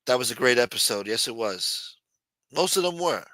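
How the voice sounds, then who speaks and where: A man's voice: medium pitch, lively intonation, moderate pace, bright, forceful tone, no echo. A man hosting a live show, ranting bluntly in profane casual commentary. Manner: blunt, ranting, reads news aloud, quotes scenes in a Mafia-style voice.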